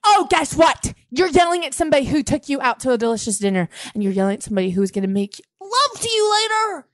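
Brash, fickle woman, as a host plays her, lively and dry. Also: medium pitch, fairly quick, dry recording, lightly acted. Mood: boastful. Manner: blunt, dismissive, swings between extremes. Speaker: podcast host. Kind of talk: improvised comedy scene.

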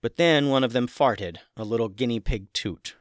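A man narrating a scripted children's adventure story in an animated, dramatic way. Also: mid-range voice, moderate pace, no room sound, clean studio sound.

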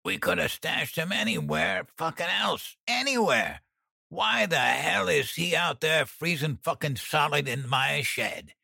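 A man's voice: on the high side, expressive, normal speed, creaky, pushed and bright, breathy edge, no echo, studio quality, voice pushed up, full character voice. A man voicing a drunk, anxious male drug dealer who whines and swears in a panic. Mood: panicked.

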